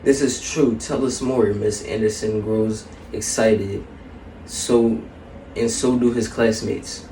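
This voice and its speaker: A man's voice: lowish voice, takes it slowly, far from the mic, slight background noise. Man reading a story in an echoey room. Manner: steady, even storybook reading. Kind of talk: reading a children's story aloud. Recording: echoey room, a bit off-mic.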